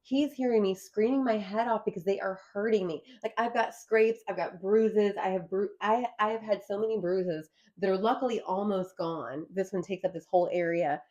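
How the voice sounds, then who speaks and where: A woman giving an earnest, animated account of her arrest during a conversation. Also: medium pitch, normal speed, few pauses, highs cut off. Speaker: guest recounting an arrest.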